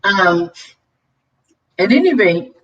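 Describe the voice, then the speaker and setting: A woman's voice: medium pitch, sing-song, slow pace, lo-fi sound. A woman hosting a casual livestream, preaching and scolding with conviction, then turning chatty and laughing with her viewers. Her voice sits a little away from the microphone, so it sounds slightly distant. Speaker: vlog host. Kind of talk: livestream commentary.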